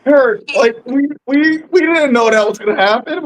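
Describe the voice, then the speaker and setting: A man's voice: very high-pitched, normal speed, few pauses, slight background noise, poor audio. Emotional, laughing male podcast host. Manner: emotional, laughing storyteller with stammered restarts. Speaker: podcast host and wrestling commentator. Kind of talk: casual chat.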